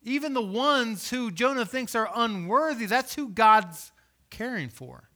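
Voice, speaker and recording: Bright-voiced man preaching with dynamic swings. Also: lively intonation, measured pace. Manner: dynamic, swings from loud emphasis to hushed low delivery; reads scripture aloud and voices imagined questions. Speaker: pastor. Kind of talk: sermon.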